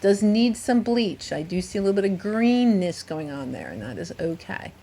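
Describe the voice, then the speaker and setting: A woman's voice: medium pitch, sing-song, moderate pace, creaky, warm tone, a little hiss or hum. A woman vlogging from a beach as she hunts for shells, bubbly and gushing, and talking to the shells she finds. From Southwest Florida. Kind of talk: casual narrated vlog. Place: outdoors on a beach.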